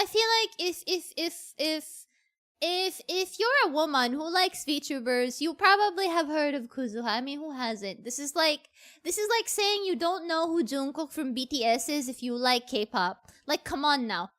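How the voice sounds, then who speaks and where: Brief: high-pitched woman streamer, excitable and gushing, chatty and repetitive. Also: moderate pace. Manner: excitable, gushing, repeats herself. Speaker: VTuber streamer. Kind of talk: casual livestream chat.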